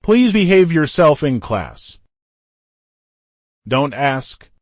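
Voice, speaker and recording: A man's voice: a little high, big pitch swings, extremely slow, no echo, clean studio sound. A man reading everyday English phrases for beginners, saying each short phrase and then repeating it inside a longer sentence. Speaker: English teacher. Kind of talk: reading example phrases for learners.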